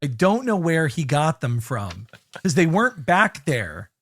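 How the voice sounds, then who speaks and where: A man co-hosting a podcast, chatting casually about an old movie and slipping into quick goofy impressions. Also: on the high side, sing-song, a bit bright, husky, dry recording, studio quality. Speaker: podcast co-host. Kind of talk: casual movie-review chat.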